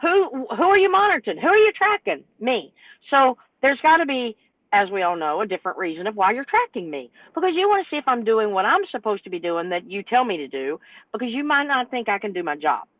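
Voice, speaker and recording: A woman, a truck driver telling an exasperated, animated story on a podcast panel. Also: a little high, a little fast, dry recording. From North Carolina, US. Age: 60s. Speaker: truck driver and owner operator, panel guest. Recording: tinny phone-like line, dry.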